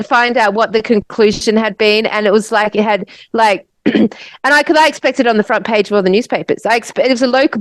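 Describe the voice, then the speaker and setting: A woman's voice: fairly high pitch, no echo, poor audio. An Australian woman co-hosting a podcast, telling a story in a breathless, vivid way and swearing freely. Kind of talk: casual podcast chat.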